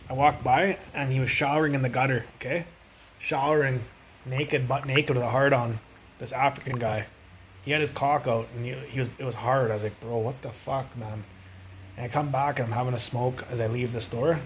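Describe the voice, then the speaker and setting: On a phone livestream, a young man rambles through street stories in casual, profanity-heavy talk. His voice is middle-pitched, steady, and brisk, and the poor audio carries faint background noise.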